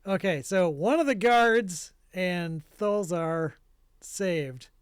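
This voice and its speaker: Slow-talking high-voiced game master. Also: male voice, clear, resonant tone, dry recording, clean studio sound. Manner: relaxed narration with frequent fillers and laughs. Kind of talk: running a tabletop game.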